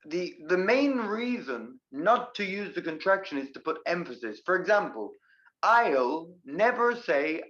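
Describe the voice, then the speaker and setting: Lively male English teacher, lo-fi audio. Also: high-pitched. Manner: lively, explains with examples and acted contrasts. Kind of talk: live online English class.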